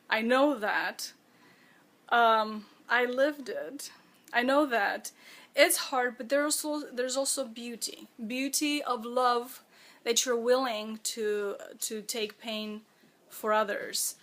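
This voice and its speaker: A woman's voice: fairly high pitch, sharp tone. Emotional woman recalling her past. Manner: emotional, halting, fighting back tears. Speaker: author discussing her own memoir. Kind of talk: personal reflective monologue.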